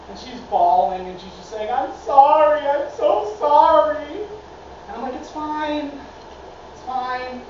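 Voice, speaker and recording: An actress playing a grieving daughter, telling a story in a wry, deadpan comic stage monologue. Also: female voice, mid-range voice, natural voice. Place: theatre stage. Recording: echoey hall, far off, dull, noisy.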